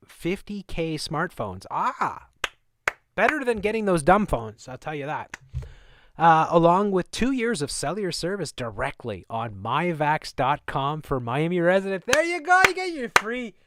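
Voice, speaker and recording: A man's voice: fairly high pitch, background noise. A man hosting a live stream, reading news aloud and mocking it with sarcastic asides. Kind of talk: live commentary on news clips.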